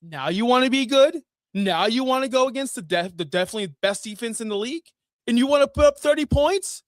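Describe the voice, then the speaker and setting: Man, fantasy football host, sarcastic rant, profane, loud bursts and low mutters, dry close sound. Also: lively intonation, brisk, dry recording. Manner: exasperated, sarcastic, swings between loud outbursts and muttering. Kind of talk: ranting sports commentary.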